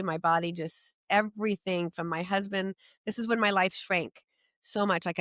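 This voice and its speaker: A middle-aged woman telling her personal story as an interview guest, earnest and emotional, halting at times with restarts. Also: mid-range voice, fairly bright tone, dry recording, clean studio sound.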